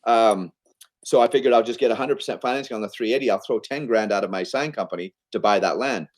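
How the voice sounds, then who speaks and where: A man in an interview, casually telling a business story in an animated, conversational way, often checking in with "okay?" and "right?". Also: on the low side, fast. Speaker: podcast guest, entrepreneur.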